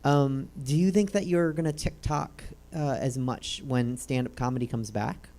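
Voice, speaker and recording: A woman hosting an interview at a comedy theater, relaxed, wry and conversational. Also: extremely low pitch, normal speed. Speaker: host. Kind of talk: casual interview chat.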